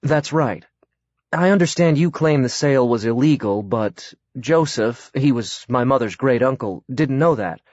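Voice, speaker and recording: A man's voice: mid-range voice, a little mellow, no room sound, lightly acted. A man voicing a courteous, earnest man with a slight American accent. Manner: courteous and measured. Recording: dry, slightly dull audiobook recording.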